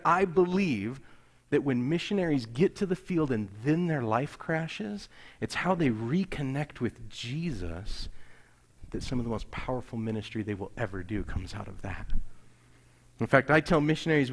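A middle-aged man preaching a sermon as a pastor, acting out dialogue in an animated storytelling manner and sometimes dropping to near-whispers. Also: medium pitch. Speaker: pastor serving missionaries.

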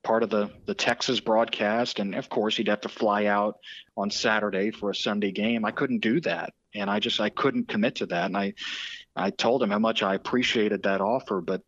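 A low-pitched man spins animated stories as a podcast guest, often restarting his sentences. The sound is dry and close with a slightly muffled, lo-fi tone. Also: normal speed, no room sound. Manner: animated anecdotes with frequent restarts and quoted voices. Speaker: sports broadcaster, podcast guest. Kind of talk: storytelling in a podcast interview.

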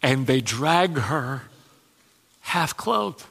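A man preaching a sermon, telling stories with dramatic pauses and chuckling asides. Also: medium pitch, animated, creaky, fairly bright tone, breathy edge. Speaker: pastor. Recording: long hall reverb.

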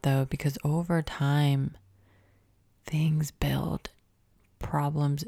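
Low gravelly female podcast host, young adult, casual self-help chat with lots of questions and quiet whispered asides; dry close mic. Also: no echo. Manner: conversational, asks many questions, drops to a whisper at times. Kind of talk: reflective self-help talk.

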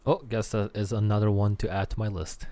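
A man's voice: lowish voice, flat delivery, fairly quick, warm tone. A man co-hosting a casual gaming podcast who answers with short, wry remarks and moves the rundown along. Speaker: podcast co-host and streamer.

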